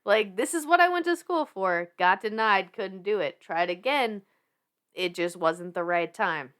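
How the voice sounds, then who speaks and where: A woman's voice: mid-range voice, unhurried, clean tone. Laughing, swearing woman with a Southern accent. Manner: animated, laughs often, swears casually. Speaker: podcast guest. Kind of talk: casual podcast storytelling.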